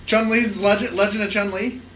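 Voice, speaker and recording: A man co-hosting a podcast, talking in an animated, excitable way and swearing freely. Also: high voice, fairly quick, echoey room, slight background noise, rough recording. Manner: animated, profane, excitable storytelling. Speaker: podcast co-host. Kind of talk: casual podcast chat.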